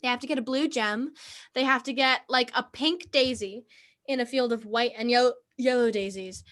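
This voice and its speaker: A woman with a high, bright voice chats casually and recounts a story with animation. She swears freely along the way. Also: normal speed. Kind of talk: casual chat.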